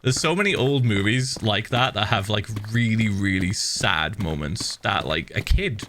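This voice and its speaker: A man's voice: lowish voice, lively intonation, a little slow, a bit bright, slight background noise. A man streaming a game, chatting casually and animatedly, swearing and laughing often. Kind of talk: casual livestream chat while gaming.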